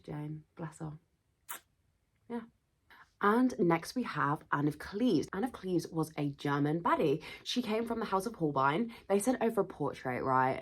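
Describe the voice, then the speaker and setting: A young woman with a husky, low voice tells history like juicy gossip. She is chatty and slangy, tossing in dramatic asides as she goes. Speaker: history video host. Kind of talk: gossipy casual storytelling.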